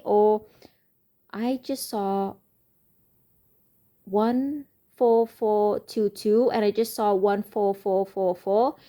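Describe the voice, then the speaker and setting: A woman giving a slow, musing tarot reading, often pausing with fillers as she speaks. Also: medium pitch, warm tone. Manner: speaks slowly. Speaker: tarot reader.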